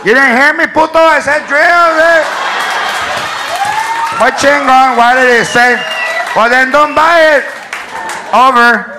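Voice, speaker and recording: Picture a loud, bossy Chicano store announcer on the PA, speaking with a Chicano accent and signing off like a radio call, as a comic puts him on. The voice is high and pushed. Behind him you hear a noisy club crowd. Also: male voice, slow, pauses often. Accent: Chicano English. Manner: loud, bossy, ends with "over". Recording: live club with crowd and noise.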